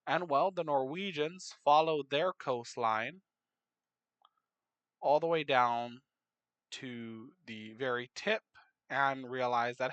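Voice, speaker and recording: A man narrating a map game in casual commentary, unhurried, muttering asides to himself. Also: mid-range voice, fairly bright tone, smooth, no echo.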